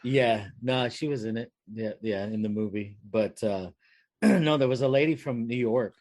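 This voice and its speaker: A man's voice: mid-range voice, moderate pace, a little mellow, dry recording. A man co-hosting a podcast, telling a long work story in rambling casual chat with many fillers and restarts. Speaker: podcast co-host.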